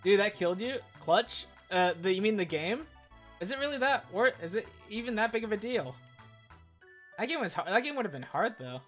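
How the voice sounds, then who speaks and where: Chatty woman streaming a game, lively pitch. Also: fairly quick, faint music behind. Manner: chatty and joking, reacts with laughs and asides. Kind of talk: casual live game commentary.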